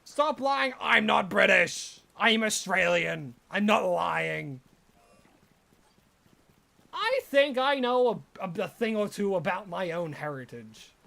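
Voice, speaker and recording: A game streamer rambling jokily during a live stream and bursting into excited shouts at lucky finds. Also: mid-range voice, slow, gravelly.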